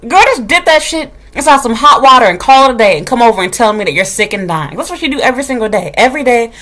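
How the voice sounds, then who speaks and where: A woman's voice: high-pitched, expressive, quick pace, few pauses, fairly bright tone. A woman, a kindergarten teacher, venting in casual chat to her viewers. She tells the story bluntly and with a lot of swearing, acting out what other people said. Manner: blunt, profane, sassy storytelling; acts out quoted dialogue.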